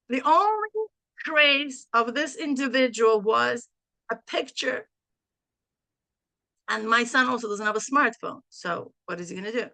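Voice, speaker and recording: A woman's voice: fairly high pitch, bright, forceful tone, no room sound. A middle-aged woman telling a family story to a group, acting out both sides of a phone call and mixing in Hebrew phrases. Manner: sprinkles in Hebrew and Yiddish phrases. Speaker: mastermind group leader.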